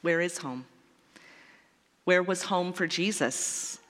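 Slow-speaking woman preacher in a reverberant church. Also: lowish voice. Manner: lyrical, repetitive, wondering. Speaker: pastor. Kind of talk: sermon.

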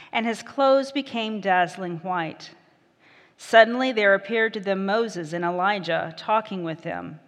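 A woman pastor reads scripture and preaches at a measured, gentle pace. Her voice sits in a middle register. A long reverb from the church hall trails behind each phrase. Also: mid-range voice. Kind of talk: scripture reading and sermon.

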